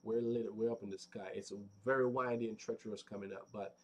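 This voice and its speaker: A man's voice: on the low side, steady tone, a little fast. A man casually narrating a walking tour outdoors on a windy mountaintop, rambling with lots of fillers and "right?" tags. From United States. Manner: rambling, conversational, many fillers and tag questions. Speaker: vlogger.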